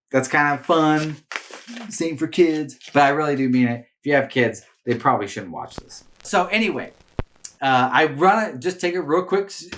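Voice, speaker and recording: A man's voice: fairly high pitch, fairly bright tone. A man hosting a casual commentary video, talking animatedly with frequent restarts and repeated words. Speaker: political commentary host. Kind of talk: casual opinion commentary to camera.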